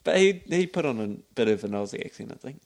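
A man's voice: medium pitch, expressive, vocal fry. A man co-hosting a podcast, chatting casually and laughing as he recaps a TV episode. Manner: laughs often, quick back-and-forth banter. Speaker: podcast co-host.

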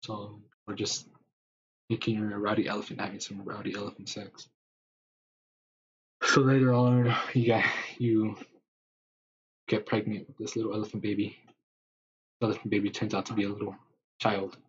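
Low, flat-voiced man spinning a tale. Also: normal speed, pauses often, husky. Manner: rambling, filler-heavy second-person telling. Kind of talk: improvised spoken story. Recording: dull lo-fi recording, faint hiss.

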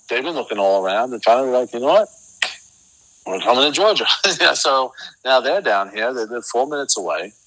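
A middle-aged interview guest with a mid-range voice tells a rambling, casual story, animated and full of filler words. The recording is of low quality.

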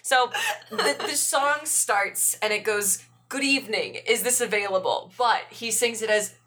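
A woman co-hosting a casual chat, animated and laughing often as she talks. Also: a little high, unhurried. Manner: animated, laughing, breaks into sung snippets. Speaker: podcast co-host.

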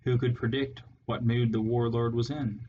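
A man reading a storybook chapter aloud in a measured, steady narration. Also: mid-range voice, highs cut off, a little hiss or hum. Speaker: audiobook narrator. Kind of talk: scripted narration.

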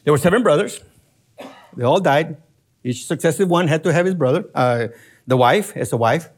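High-pitched, animated male preacher. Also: normal speed. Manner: animated and chuckling, explains grammar step by step. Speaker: Bible teacher. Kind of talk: expository sermon.

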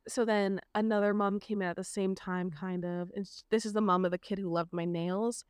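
A young woman co-hosting a casual podcast chat, animated and acting out what others said. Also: mid-range voice, fairly quick, clear, resonant tone, no room sound, studio quality. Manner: animated, acts out quoted voices. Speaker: podcast co-host.

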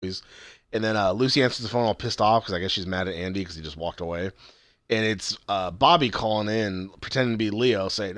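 A man's voice: fairly low pitch, fast, a bit bright, dry recording. A man co-hosting a casual podcast, recapping a TV episode with lots of swearing and acted-out quotes. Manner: swears often, retells scenes in acted quotes. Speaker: podcast co-host.

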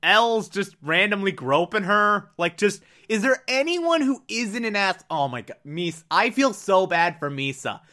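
A man's voice: high-pitched, big pitch swings, measured pace, few pauses, bright, forceful tone. A man casually recapping an anime, rambling with laughs and acting out the characters' lines.

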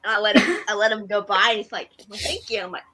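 A woman from Kansas chats about a TV show and tells a story, laughing as she goes. Her voice is bright and forward, pitched at an ordinary height for a woman. She talks loosely, with a fan's easy chatter. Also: fairly even intonation, very fast, rough recording. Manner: giggly, storytelling. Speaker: podcast co-host. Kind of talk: casual chat.

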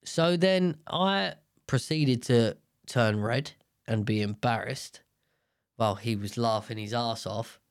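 A man's voice: mid-range voice, slow, clear, resonant tone, no room sound, studio quality. A young man telling a rambling, self-mocking story in a casual monologue.

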